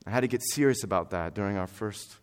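A young man preaching a sermon, earnest and conversational with fillers, building to forceful exhortation. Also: on the low side, fast, clear, resonant tone.

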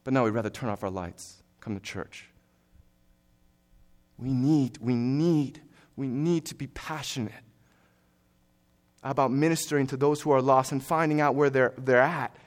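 A young man preaching a sermon, earnest and conversational with fillers, building to forceful exhortation. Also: medium pitch, unhurried, long pauses.

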